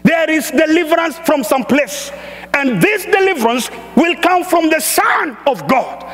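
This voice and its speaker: A man preaching a sermon and reading scripture, speaking emphatically and building to shouted exhortations. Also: extremely high pitch, expressive, unhurried. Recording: echoey church hall reverb.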